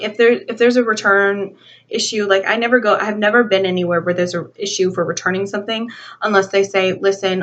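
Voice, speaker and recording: A young woman vlogger telling an animated storytime rant, acting out a dialogue with lots of "like". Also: medium pitch. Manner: animated, acts out both sides of a dialogue, heavy use of "like". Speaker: beauty vlogger. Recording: slightly dull lo-fi home video audio.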